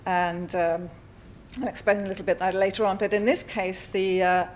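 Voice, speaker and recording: A woman presents her art practice at a symposium in a mid-pitched voice, measured and careful, often pausing with fillers. A faint low rumble sits under the recording. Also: steady tone. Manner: measured, with frequent fillers and pauses. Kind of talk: conference talk. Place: lecture hall.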